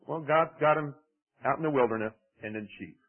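A man preaching a sermon in an animated, conversational way, with dramatic swings in his delivery. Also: mid-range voice, brisk. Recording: tinny phone-like radio broadcast.

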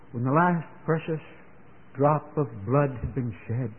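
Older male radio preacher, earnest to fervent, mid-pitched, tinny lo-fi broadcast. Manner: earnest, building to fervent exclamations. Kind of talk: sermon.

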